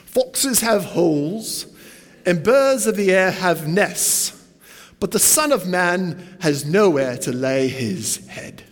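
A man voicing a gentle male teacher with a put-on British accent, speaking slowly and solemnly. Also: sits high, expressive, big-room sound.

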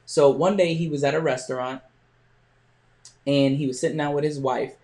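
A man hosting a podcast, telling a motivational story with frequent pauses and restarts. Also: fairly high pitch, steady tone, a little mellow. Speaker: podcast host.

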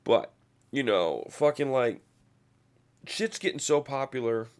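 A man's voice: mid-range voice, lively intonation, a little slow. A man hosting a podcast, ranting casually with heavy swearing and a rambling flow. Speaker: podcast host. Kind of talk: casual profane rant.

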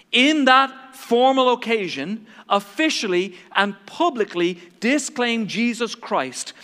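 A man's voice: sits high, bright, forceful tone, in a large hall. A man preaching a sermon in a dramatic, emphatic way, acting out the quotes he reads.

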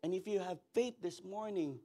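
A Filipino-accented male pastor preaches with a high, gravelly voice, animated and calling out for the congregation to answer back. He flips between English and Tagalog mid-sentence, and soft music plays faintly behind him. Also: normal speed. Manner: animated, calls for responses from the congregation. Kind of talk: sermon.

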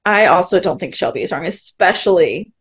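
A woman's voice: lowish voice, lively intonation, a little fast, husky. A woman co-hosting a podcast, casually recapping a TV episode and acting out quoted lines with frequent laughs. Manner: chatty, retells scenes with quoted lines, laughs often. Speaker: podcast co-host.

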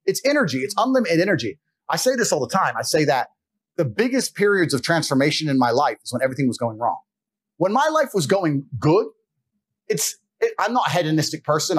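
A man's voice: fairly high pitch, slightly rough. A man giving a blunt, profane, lecturing monologue as a podcast guest. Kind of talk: forceful monologue.

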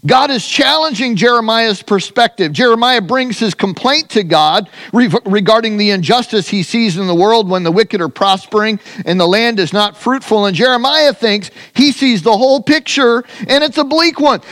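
A man with a notably high-pitched voice delivers a Sunday sermon. His preaching is animated, leaping to loud, emphatic peaks and sinking to soft, confiding lows. Between scripture readings he slips into loose, conversational asides full of restarts. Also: moderate pace, few pauses. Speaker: pastor.

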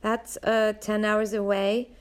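A woman's voice: mid-range voice, flat delivery, slow, close to an everyday voice. A woman reading an audiobook, voicing an anxious, determined young girl on the run, speaking urgently and earnestly. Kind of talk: audiobook narration.

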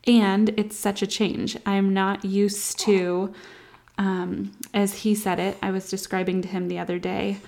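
A woman's voice: mid-range voice, flat delivery, measured pace, gravelly. A woman in her thirties, a new mom, talking candidly and reflectively in a casual vlog, at times near tears. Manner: candid, reflective, soft baby talk asides.

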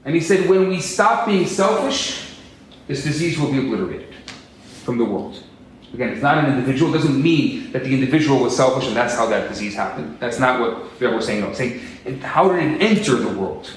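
A man preaching a sermon as a rabbi, animated and acting out quotes in different voices. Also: medium pitch, a little fast, slight background noise. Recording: echoey room, distant mic.

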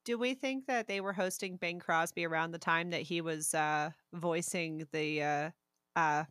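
A woman co-hosting a casual podcast, chatty and teasing, full of quick asides and questions. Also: lowish voice, a bit bright, no room sound, clean studio sound. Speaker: podcast co-host.

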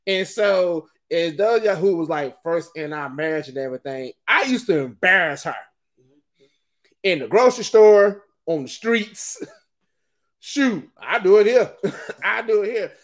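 A middle-aged man hosting a podcast and talking through a rambling, animated, casual monologue, often laughing. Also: high-pitched, unhurried. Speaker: podcast host.

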